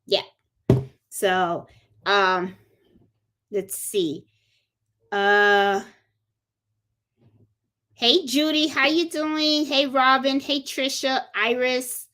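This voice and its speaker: A woman's voice: high voice, drawn-out words, pauses often, sharp tone. A middle-aged woman from Puerto Rico hosting a casual crafting livestream, chatty and greeting viewers one by one from home. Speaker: crafting channel host.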